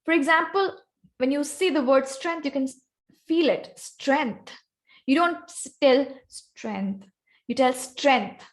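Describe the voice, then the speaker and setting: A woman's voice: high-pitched, measured pace. A woman with an Indian accent giving an instructive workshop on speaking skills, calling on volunteers by name. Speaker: guest speaker teaching vocal variety. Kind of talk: online club workshop presentation.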